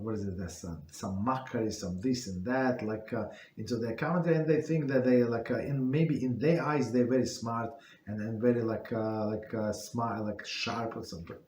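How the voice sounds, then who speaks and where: Halting man teaching a Torah class. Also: lowish voice, a little mellow, roomy sound, a little hiss or hum. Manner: halting, many fillers and restarts. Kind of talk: casual spoken Torah class.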